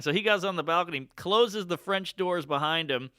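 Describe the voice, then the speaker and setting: A man's voice: high voice, fairly quick, clean tone, no room sound, studio quality. A man telling a funny story in casual chat, acting out the people he quotes. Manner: animated, acts out quoted lines. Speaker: storyteller guest.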